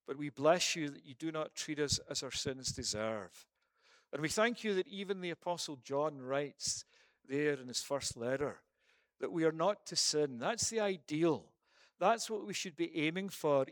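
A man's voice: a little high, dry recording, studio quality. A man preaching a sermon and then leading a prayer, emphatic, with rhetorical questions and repeated phrases.

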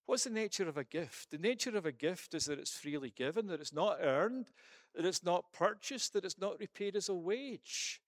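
Male preacher with a slightly high voice, emphatic, builds through repeated phrases, dry close mic. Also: animated, moderate pace, no echo. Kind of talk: sermon and closing prayer.

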